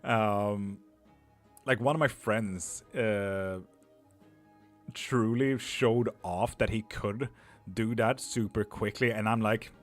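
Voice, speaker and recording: A man's voice: fairly low pitch, fairly even intonation, measured pace, faint music behind. A man, a tarot reader hosting a live stream, chatting loosely with viewers, swearing and laughing often.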